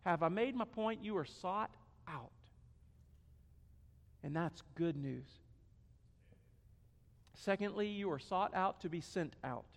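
A man's voice: sits high, animated, slow, pauses often. A man preaching a sermon, emphatic and repeating key phrases. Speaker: pastor. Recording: echoey hall.

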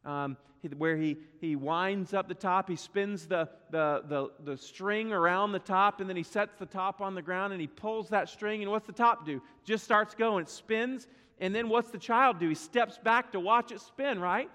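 A man with a notably high voice preaches to his congregation, loose and conversational, dropping teasing asides between points. His words ring out with a long reverb from the church sanctuary. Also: moderate pace, bright, forceful tone. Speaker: pastor. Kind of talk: sermon.

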